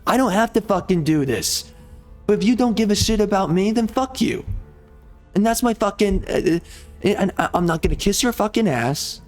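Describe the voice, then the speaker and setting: Man, gaming youtuber, angry swearing rant, fairly high voice, faint music behind. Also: expressive, moderate pace. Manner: swearing heavily, exasperated, blunt.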